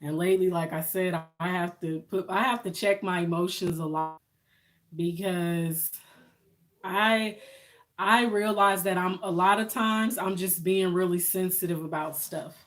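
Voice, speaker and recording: A woman's voice: on the low side, steady tone, a little slow. A woman, chatting on a live stream, emotional and thankful, laughing often. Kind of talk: casual live-stream chat with viewers.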